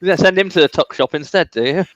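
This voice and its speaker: A man's voice: high-pitched, very noisy. A man hosting a comedy showcase, chatting hesitantly between acts with many ums and laughing at his own jokes. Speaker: comedy show host. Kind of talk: comedy compering.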